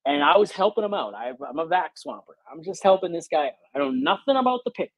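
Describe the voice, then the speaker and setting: A man's voice: a little high, fast talker, no echo, poor audio. A man hosting a podcast, telling casual, profane work stories and acting out what people said. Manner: profane, animated storyteller who acts out quotes. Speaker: podcast host. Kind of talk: casual storytelling chat.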